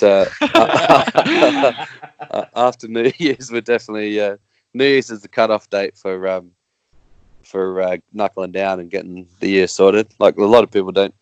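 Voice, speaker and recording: An Australian man, a guest racer, chatting casually on a podcast in a halting, rambling way with many restarts. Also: fairly low pitch, no echo.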